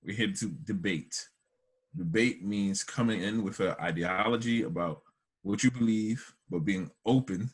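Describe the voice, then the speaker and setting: A man's voice: fairly low pitch, unhurried, husky. A man moderating a casual podcast debate, playful and fond of repeating himself. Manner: playful, animated, leans on repetition.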